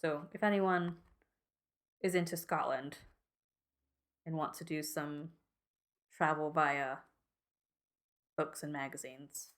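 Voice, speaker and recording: A woman's voice: low voice, fairly even intonation, slow pace, pauses often, fairly bright tone. A young woman co-hosting a podcast in casual chat, hesitant and self-deprecating, often laughing. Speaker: podcast co-host.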